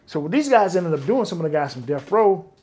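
A man's voice: a little high, fairly quick. A middle-aged man, telling stories in a casual interview and acting out the dialogue. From Detroit, US. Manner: animated, acts out quoted dialogue. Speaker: interview guest, former bodyguard.

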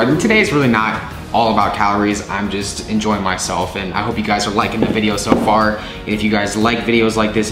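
A young man talking casually to his viewers in a food vlog, chatty and upbeat, calling them folks and guys. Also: lowish voice. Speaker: food vlogger. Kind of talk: casual vlog talk to camera.

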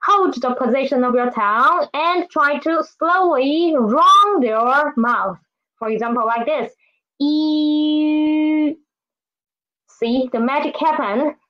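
A woman with a high voice teaches a Mandarin lesson at an unhurried pace. She repeats each sound several times and keeps checking in with her listeners. The recording is a little dull and lo-fi. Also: animated. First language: Filipino. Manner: slow, patient, repeats each sound and asks "right?" and "okay?". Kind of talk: online language lesson.

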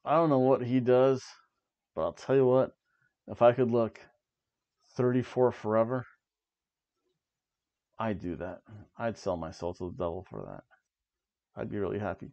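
A man in his forties casually reviews wrestling on a seated webcam, the audio sounding dull. He speaks at medium pitch and normal speed with long pauses, chatting freely and hopping between tangents and asides.

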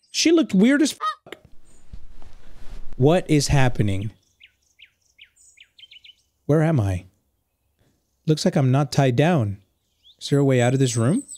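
A man playing a horror game and reacting out loud, swearing often and dropping in Spanish slang as he thinks out loud. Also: sits high. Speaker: gaming YouTuber.

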